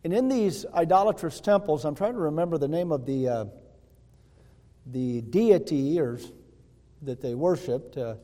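A man's voice: fairly high pitch, expressive, moderate pace, warm tone. A male pastor preaching a sermon in a folksy way, often checking in with the congregation. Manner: folksy, asks the congregation "Hello?". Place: church sanctuary. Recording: long hall reverb.

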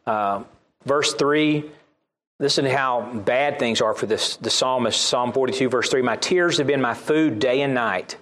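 A man's voice: medium pitch, measured pace, fairly bright tone. A man with a Southern US accent preaching a sermon, reading scripture aloud and repeating key lines for emphasis.

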